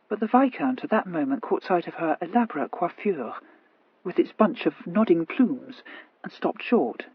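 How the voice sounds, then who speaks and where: A woman narrating an audiobook in an even, measured storytelling voice. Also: fairly low pitch, slightly rough, no room sound, muffled recording. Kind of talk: scripted narration.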